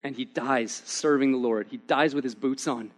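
A man's voice: mid-range voice, moderate pace. A young man preaching a sermon, casual and peppered with "man", building to impassioned, emphatic peaks. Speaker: pastor.

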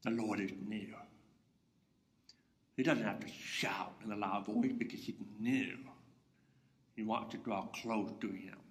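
A man preaching a sermon, swinging between loud proclamation and a hushed near-whisper. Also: lowish voice, steady tone, unhurried, long pauses, reverberant. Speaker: pastor.

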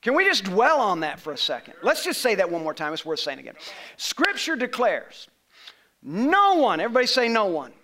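High, bright-voiced male pastor preaching. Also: very animated, quick pace. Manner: emphatic, rising to shouts on key phrases; leads call-and-response with the congregation. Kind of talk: sermon. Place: church sanctuary.

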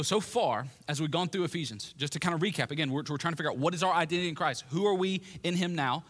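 A man's voice: fairly high pitch, a bit bright. Conversational man preaching in a gym. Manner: conversational, repeats and restarts phrases. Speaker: pastor. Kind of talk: sermon. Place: gym used as a church hall.

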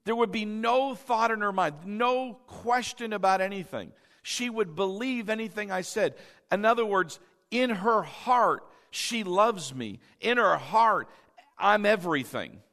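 Man, pastor, sermon, high-pitched, conversational, repeats for emphasis, echoey church. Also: animated, unhurried, fairly bright tone. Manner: conversational, often checks in with the congregation; emphatic, repeats key phrases.

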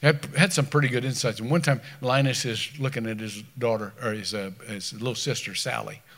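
A man preaching a sermon in a conversational way, stumbling over restarts and swinging between loud scripture reading and quiet asides. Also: medium pitch, fairly even intonation, fairly quick. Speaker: pastor.

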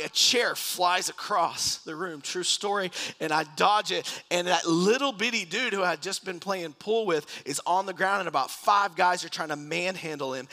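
Male pastor, bright and forceful, animated sermon storyteller who acts out scenes. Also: a little high. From Texas. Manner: animated storytelling with dramatic re-enactments and restarts. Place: church in front of a congregation.

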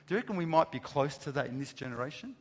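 A pastor with a slightly high, lively voice races through a sermon to a large audience, speaking emphatically, asking rhetorical questions, and stressing each item in his lists word by word. The recording carries the long reverb of a big hall.

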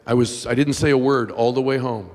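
A middle-aged man preaching a sermon, telling a personal story with strong emotion, dropping to a hush and rising to shouts. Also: mid-range voice, steady tone, a little fast. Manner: emotional, swings from hushed to shouting. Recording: long hall reverb.

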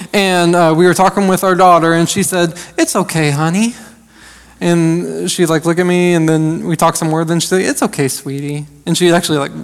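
An associate pastor in his thirties, with a voice high for a man, preaches a sermon in a friendly, conversational way, frequently pausing on "um" and "uh." A long hall reverb makes the sound ring out.

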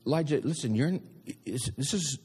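Man doing a soft, calm divine voice, soothing and unhurried, reverb-heavy hall. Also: mid-range voice, slightly rough, pitched above the performer's own voice. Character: calm, reassuring divine voice, male.

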